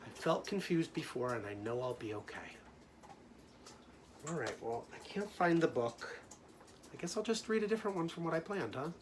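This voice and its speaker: A man, a teacher, gently talking young children through his own feelings during a storytime lesson. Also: a little high, expressive, a little fast, a little hiss or hum.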